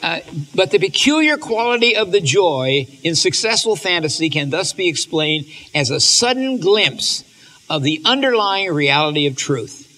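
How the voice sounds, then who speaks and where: A man giving an animated, emotional lecture on stories, reading passages aloud and often restarting his sentences. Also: high-pitched, moderate pace. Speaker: speaker on literature and faith.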